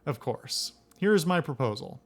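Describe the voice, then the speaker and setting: A man's voice: medium pitch, very animated, moderate pace, pitched above the performer's own voice. Man reading as a cold, formal executive. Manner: formal, veiled threats. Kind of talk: reading game dialogue aloud.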